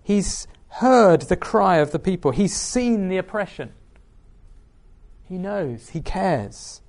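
A man's voice: sits high, very animated, takes it slowly, darkish tone. A man preaching a sermon, reading scripture aloud and asking the listeners questions.

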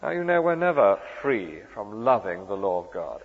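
A man's voice: lowish voice, big pitch swings, moderate pace, gravelly, hardly any pauses, breathy edge. A man preaching a sermon in an earnest, emphatic way, asking the listeners questions. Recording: dull sound with long hall reverb.

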